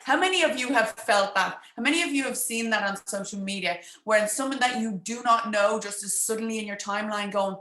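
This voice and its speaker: A woman business coach talking quickly and chattily on a livestream, speaking straight to her viewers. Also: mid-range voice, fairly bright tone, roomy sound. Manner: fast-talking, chatty, addresses viewers directly. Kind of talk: live-streamed social media coaching talk.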